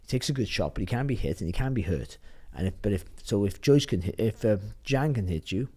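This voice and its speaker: Fast-talking boxing pundit. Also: male voice, on the low side, expressive, dark tone, slightly rough. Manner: rambling, restarts, swears freely. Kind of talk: casual panel chat.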